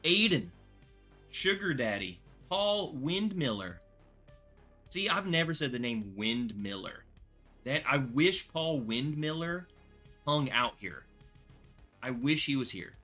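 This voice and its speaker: A man hosting a casual bourbon livestream, excitable and rambling, thanking viewers by name. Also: medium pitch, slow, long pauses, soft background music.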